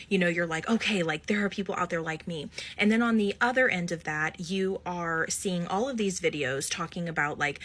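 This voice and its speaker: Earnest, soft-spoken woman with a slightly low voice, reflective commentary.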